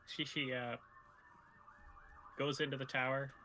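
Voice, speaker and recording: A man narrating as dungeon master in a tabletop game, pausing with fillers as he describes the scene. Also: mid-range voice, flat delivery, sharp tone, a little hiss or hum.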